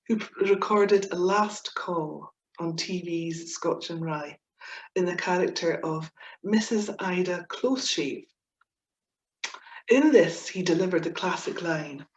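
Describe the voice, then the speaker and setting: A woman's voice: on the low side, slow pace, a little mellow, echoey room. A woman with a Scottish accent giving a playful, chatty webinar talk over a video call, full of asides and giggles. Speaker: webinar speaker on Scots humour.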